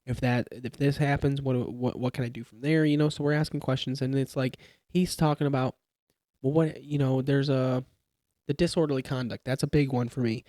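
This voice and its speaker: A young man talks casually on a podcast about police work. His voice is mellow and warm, recorded close and dry on a studio mic. He explains through examples, restarting sentences as he goes. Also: medium pitch, steady tone, fairly quick, no room sound. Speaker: police trainee or new officer.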